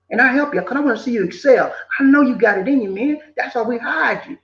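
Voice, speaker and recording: Older man, high for a man, lecturing casually, roomy dull recording. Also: fast talker, hardly any pauses, faint music behind. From southern United States. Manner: preachy, animated, repeats himself, slips in quoted voices. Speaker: vlogger giving life advice. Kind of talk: casual motivational talk. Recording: echoey room, dull lo-fi sound.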